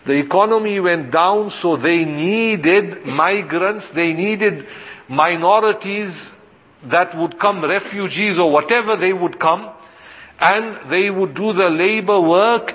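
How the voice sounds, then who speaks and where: A man with a high voice delivers a sermon as an imam, firing off rhetorical questions and answering them himself. The sound is muffled and lo-fi, with a long reverb trailing off the walls of the mosque hall. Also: a little slow.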